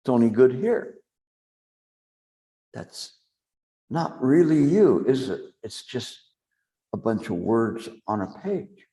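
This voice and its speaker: A man giving a dharma talk as a meditation teacher to a live group, speaking slowly and deliberately with long pauses. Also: medium pitch, lively intonation, mellow.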